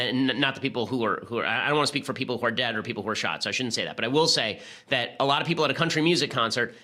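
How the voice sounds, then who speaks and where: A man hosting a political talk show, delivering rapid-fire argumentative commentary. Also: medium pitch, pushed and bright. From United States. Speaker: podcast host.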